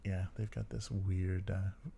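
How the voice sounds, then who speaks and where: A man's voice: low voice, flat delivery, slow pace, creaky, dark tone, slightly rough. A man co-hosting a podcast in casual chat, rambling with many fillers and frequent chuckles. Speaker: podcast co-host. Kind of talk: casual chat about tabletop games.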